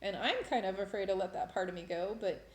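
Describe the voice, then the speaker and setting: In a roomy, echoing space, a woman speaking fast in a mid-range voice recounts her faith experiences for her vlog. The testimony is casual and emotional, wandering with many restarts.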